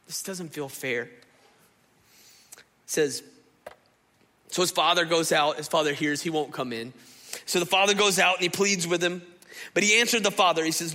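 Impassioned preacher man, bright voice. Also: a little high, unhurried, long pauses, long reverb tail. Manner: impassioned, conversational, asks the crowd questions. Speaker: pastor. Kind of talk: sermon. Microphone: stage microphone.

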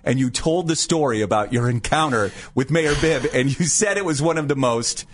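A man's voice: mid-range voice, moderate pace. A middle-aged man co-hosting a morning radio show, chatty and stumbling over words. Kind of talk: casual radio banter.

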